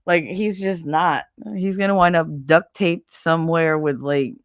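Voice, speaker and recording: A middle-aged woman with a fairly low voice, talking in a blunt, exasperated rant full of swearing. She speaks close to the mic in a dry, dead room, like a casual livestream host chatting to viewers. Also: fairly even intonation, unhurried, clear, resonant tone, no echo. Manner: blunt, profane, exasperated ranting. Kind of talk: casual venting monologue.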